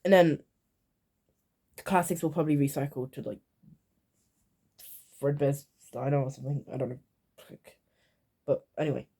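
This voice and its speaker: A woman's voice: deep voice, normal speed, long pauses, warm tone, husky. A woman YouTuber talking through a video game timeline in casual commentary, rambling with lots of fillers and offhand asides.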